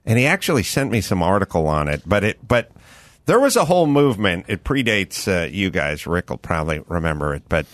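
A man in his fifties or older, hosting a casual studio talk show, telling stories in a rambling, animated way with many restarts. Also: deep voice, brisk, dry recording. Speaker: podcast host. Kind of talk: casual chat.

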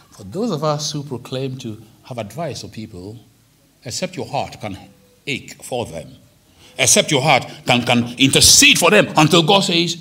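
A male pastor preaches in a lively sermon. His voice is a little husky and rises and falls a lot. He breaks into sudden dramatic quoted lines. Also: medium pitch. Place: church hall.

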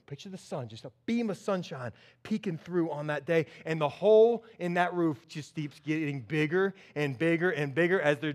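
Man, pastor, sermon, high pitch, animated storytelling. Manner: animated storytelling, acts out characters.

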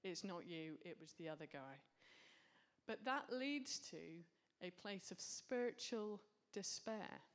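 A woman's voice: fairly low pitch, expressive, slow pace. A woman preaching a sermon, earnest and reflective, with casual asides.

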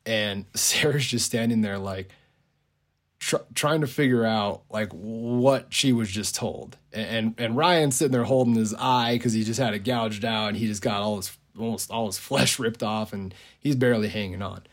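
A man's voice: on the low side, moderate pace. A man casually retelling a movie idea on a podcast, rambling with lots of "like" and frequent chuckles. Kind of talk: casual storytelling.

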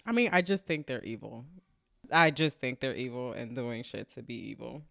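A woman's voice: extremely low pitch, expressive, moderate pace, vocal fry, fairly bright tone. A woman who is a parent co-hosting a casual podcast, talking in a wry, laid-back way. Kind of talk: casual movie recap chat.

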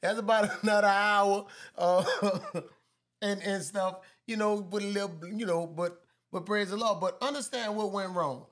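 A man's voice: sits high, fairly even intonation, moderate pace, a bit bright. A man giving marriage advice in a casual chat with his wife, laughing often, repeating himself and quoting scripture.

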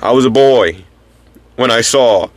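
A man's voice: mid-range voice, a little slow, no room sound. A man co-hosting a casual podcast, talking in an earnest, rambling way with many restarts. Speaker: podcast co-host. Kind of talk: casual chat.

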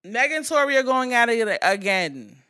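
A woman hosting a podcast with a bright, forceful tone. She talks bluntly and swears freely, acting out quotes in an animated way and firing off fast asides. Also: on the high side, clean tone. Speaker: podcast host. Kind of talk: casual pop-culture chat.

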